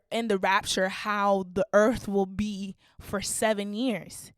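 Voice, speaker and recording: A young woman co-hosting a podcast, telling a story in a casual, animated way, laughing and acting out voices as she goes. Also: fairly high pitch, dry recording, clean studio sound. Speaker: podcast co-host.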